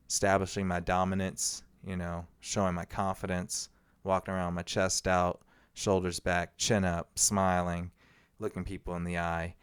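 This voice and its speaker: Low-pitched and smooth, a man carries a casual solo podcast on his own. His talk wanders in a reflective way, dotted with frequent fillers.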